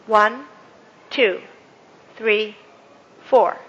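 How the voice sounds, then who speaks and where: A woman speaker leading an audience through a counting and clapping exercise, with many fillers and warm praise. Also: medium pitch, drawn-out words, lo-fi sound. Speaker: guest speaker. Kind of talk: interactive workshop talk. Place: event hall with audience. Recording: echoey hall with faint ambience.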